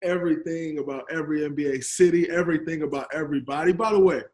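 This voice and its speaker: Man guest on a remote podcast, high-pitched, laid-back, joking. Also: quick pace, darkish tone. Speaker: podcast guest, pro basketball player. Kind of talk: casual remote interview chat. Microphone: video call.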